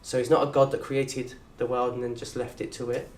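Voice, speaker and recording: A man with a southern English accent teaching an Arabic course in a lecture room. He talks in a lively way, quizzes the audience and acts out little scenes. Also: medium pitch, a little fast. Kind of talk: lecture to an open day audience. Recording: roomy echo from a distant mic.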